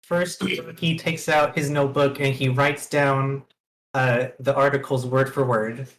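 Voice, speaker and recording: Guy at the game table, flat plain voice, matter of fact. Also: mid-range voice, unhurried, a little hiss or hum, low-quality recording. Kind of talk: casual game table chat.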